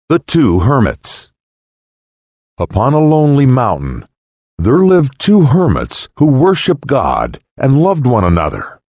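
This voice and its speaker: A man reading parables aloud in a solemn, deliberate storytelling voice. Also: a little mellow, husky, dry recording. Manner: solemn, deliberate, with wide swings in pitch. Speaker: narrator. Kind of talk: slow dramatic reading of parables.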